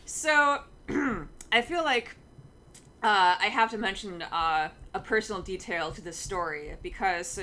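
A young woman co-hosting a casual podcast, telling a fan story with lots of filler sounds and excitement. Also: medium pitch, unhurried. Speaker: podcast co-host.

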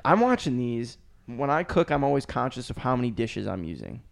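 A man's voice: mid-range voice, very animated, fairly quick, creaky. A young man chatting casually on a podcast, telling loose, profane stories. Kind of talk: casual chat.

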